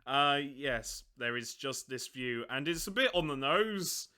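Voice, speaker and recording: A man's voice: medium pitch, animated, a little slow, bright, forceful tone, smooth. A man hosting a casual hobby chat, rambling and self-mocking, often breaking into giggles. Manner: giggly, keeps breaking into laughter. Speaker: hobby channel host.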